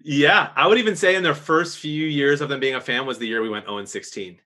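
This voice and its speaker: A man cohosting a faith podcast, telling stories with excitement and frequent laughter. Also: fairly high pitch, quick pace. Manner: excited storytelling, laughs often. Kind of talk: casual chat.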